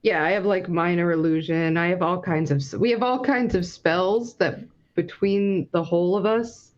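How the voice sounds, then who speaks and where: A woman talks through a tabletop game plan, halting and restarting as she goes. Her voice sits slightly low. The audio is dull and lo-fi. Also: steady tone. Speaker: player. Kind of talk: casual tabletop game chat.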